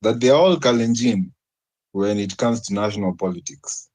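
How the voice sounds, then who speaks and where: A man's voice: on the low side, normal speed, a little mellow, poor audio. A man with a Kenyan accent making an earnest argument in a panel debate, posing rhetorical questions. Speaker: debate participant.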